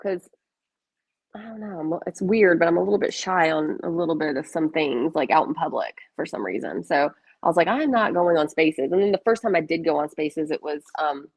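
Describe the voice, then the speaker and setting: A woman's voice: sits low, lively intonation, a little fast, a little mellow, slightly rough, no room sound. A chatty woman with a Southern US accent, hosting a casual stock trading stream and laughing easily. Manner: chatty, laughing, self-deprecating. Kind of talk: casual chat.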